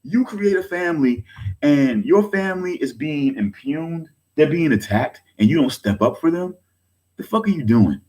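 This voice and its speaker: With lively intonation and a warm tone at a moderate speed, a thirty-something content creator vents angrily to camera. He's swearing and repeating himself, constantly calling his audience "folks," and his voice climbs high whenever the anger flares.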